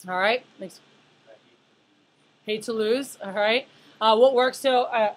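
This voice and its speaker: Husky, slightly high woman's voice; thirties; casual workshop presenter, lots of "like" and "you know". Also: slow pace, poor audio. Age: 30s. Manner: chatty, filler-heavy, asks the room questions. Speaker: leadership speaker. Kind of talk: conference talk to a live audience.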